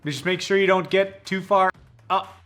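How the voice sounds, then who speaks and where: A young adult man playing a teacher who patiently coaxes a puppet student through a video call, gently exasperated. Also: high-pitched, steady tone, normal speed, faint music behind. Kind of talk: comic scripted video call skit.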